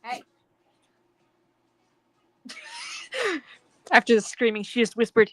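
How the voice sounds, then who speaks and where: A woman's voice: fairly high pitch, huge pitch swings, slow pace, a bit bright, no echo. A woman guest artist chatting casually and laughing often while she draws on a stream.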